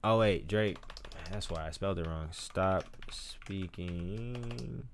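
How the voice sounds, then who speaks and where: A man streaming casual, animated, profane commentary, reading lyrics aloud between remarks. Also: low-pitched, slow pace, a little hiss or hum.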